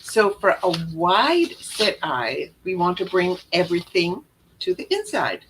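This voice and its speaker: A woman with a lowish, somewhat bright voice gives a chatty makeup lesson at an unhurried pace, her pitch swinging widely. As a makeup instructor doing a live tutorial, she shows steps on camera and often repeats or corrects herself. The recording is low quality, with a little hiss or hum.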